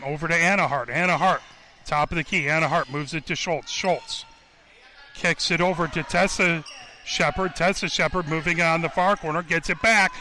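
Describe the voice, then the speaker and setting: A man calling a basketball game play-by-play for radio, naming each pass in a rapid running call and getting louder at scores. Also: fairly high pitch, slight background noise.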